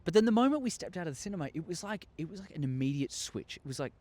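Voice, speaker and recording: A young man telling a story to his viewers, excitable and acting out scenes with sound effects. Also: fairly high pitch, very fast. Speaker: YouTuber. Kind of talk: casual storytelling monologue.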